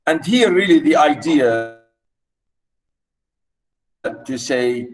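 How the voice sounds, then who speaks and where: A male lecturer walks listeners through a novel at a slow, patient pace. His voice sits a little high, and he restates each idea with frequent fillers as he explains. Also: low-quality recording. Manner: explanatory, repeats points, many "you know" fillers. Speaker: literature lecturer.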